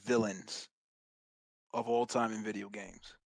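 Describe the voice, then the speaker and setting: A man co-hosting a podcast, talking in a wry, halting way. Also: fairly low pitch, steady tone, gravelly, dry recording, rough recording. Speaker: podcast co-host. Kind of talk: casual chat.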